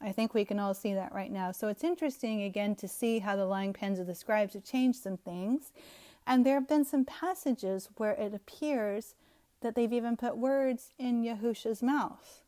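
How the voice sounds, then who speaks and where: A woman's voice: a little high, normal speed, warm tone. A scornful, emphatic woman teaching scripture. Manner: scornful, emphatic, laughs at the text. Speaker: Bible teacher. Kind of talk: scriptural commentary to viewers.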